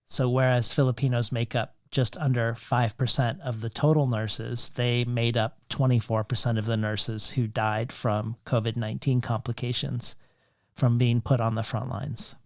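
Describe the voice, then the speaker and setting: A man hosting a literary podcast interview, speaking in measured, long questions that weave in quoted lines and figures. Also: medium pitch, little pitch movement, no room sound, clean studio sound. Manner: measured, reads quotations and statistics in long questions. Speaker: podcast host.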